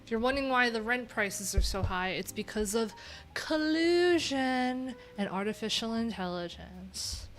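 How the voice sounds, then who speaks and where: A woman's voice: on the high side, expressive, unhurried, fairly bright tone. A woman from New York with a nasal voice, chatting candidly and rambling on a casual livestream from a room at home.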